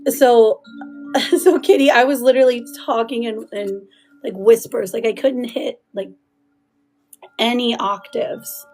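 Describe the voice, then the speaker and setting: A woman with a hoarse, laryngitis-worn voice, chatting casually with viewers as she hosts a live tarot reading. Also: on the high side, fairly even intonation, measured pace, long pauses, a little mellow, soft background music. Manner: chatty, greets viewers by name, laughs often. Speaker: tarot reader hosting a livestream. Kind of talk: casual livestream chat.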